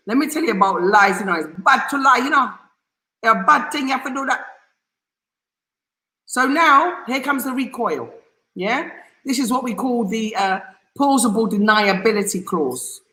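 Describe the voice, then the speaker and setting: A woman's voice: on the high side, animated, normal speed, sharp tone, reverberant, rough recording. A woman from England, hosting an opinion commentary, reading news aloud in a passionate, sarcastic and emphatic way, hammering key words again and again. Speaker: host.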